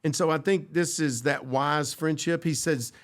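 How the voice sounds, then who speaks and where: A man's voice: on the high side, fairly even intonation, normal speed. A man co-hosting a church podcast, talking earnestly about friendship and quoting scripture, with frequent restarts. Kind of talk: casual faith discussion.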